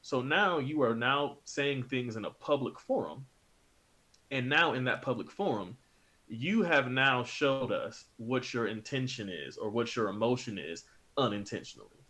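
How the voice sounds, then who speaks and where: A man's voice: medium pitch, expressive, measured pace, bright, forceful tone. A man co-hosting a wrestling podcast, making emphatic points and repeating them for stress. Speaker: podcast co-host. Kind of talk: casual chat.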